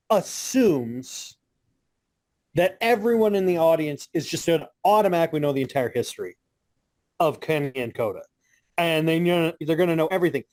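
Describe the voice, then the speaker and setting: A man's voice: fairly high pitch, a little mellow, no room sound, studio quality. A man co-hosting a wrestling podcast, ranting in casual chat with frequent swearing and laughter. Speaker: podcast co-host.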